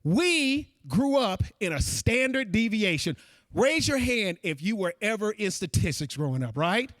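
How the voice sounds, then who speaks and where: A man's voice: high-pitched, a little slow, dry recording. A man delivering a conference keynote speech, talking straight to the audience and calling them folks. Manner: animated, addresses audience directly as folks. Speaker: keynote speaker.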